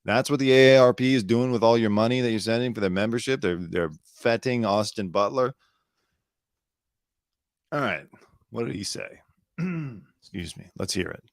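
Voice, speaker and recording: A man's voice: lowish voice, moderate pace, long pauses, no echo. Dry-voiced sarcastic male commentator. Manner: sarcastic, rambling, swears freely. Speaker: show host. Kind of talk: casual solo commentary.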